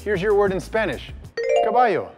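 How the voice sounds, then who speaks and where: A man's voice: high-pitched, big pitch swings, normal speed, loud music behind the voice. Hyped young man hosting a quiz. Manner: hyped, playful, teasing. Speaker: quizmaster of a challenge game. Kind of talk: energetic challenge video hosting.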